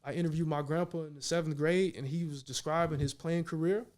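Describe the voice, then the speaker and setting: A fairly high-pitched man in his thirties, a pro basketball player from Minnesota, chats as a guest on a casual talk show. He tells animated stories in loose slang and keeps checking in with "you know what I mean.". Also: brisk. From Minnesota, United States. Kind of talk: casual conversation.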